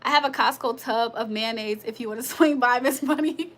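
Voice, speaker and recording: Bright high-voiced woman chatting on a livestream. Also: normal speed. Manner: chatty, laughs often, swears freely. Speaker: tarot reader and livestream host. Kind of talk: casual livestream storytelling and chat.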